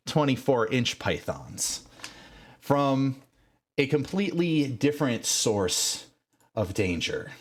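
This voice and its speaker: A man narrating as game master of a tabletop game, measured and dramatic, with frequent fillers. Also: medium pitch.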